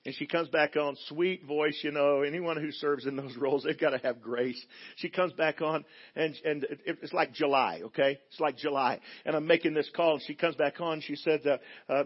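A middle-aged man preaches a sermon in a church, his voice a little husky and pitched fairly high. He tells stories, dropping to quiet asides and then rising into loud, emphatic declarations. The recording sounds slightly dull and muffled. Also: normal speed. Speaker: guest pastor. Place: church sanctuary.

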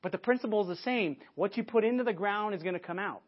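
A man preaching a conversational sermon to a church audience, lively and often restarting his sentences. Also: sits high, fast talker. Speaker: pastor. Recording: dull lo-fi sermon recording.

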